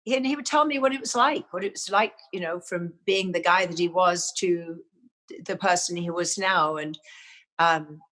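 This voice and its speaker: A woman's voice: on the low side, normal speed, a bit bright. An older woman with an English accent, a guest actress telling stories in an interview, with many "you know"s and small restarts. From England. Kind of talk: reflective interview talk.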